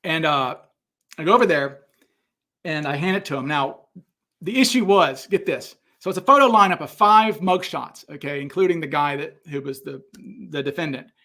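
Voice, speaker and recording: A middle-aged man hosting a casual question-and-answer stream, telling anecdotes in an animated way with many fillers and restarts. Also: a little high, normal speed. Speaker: host answering viewer questions. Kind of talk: casual livestream Q&A.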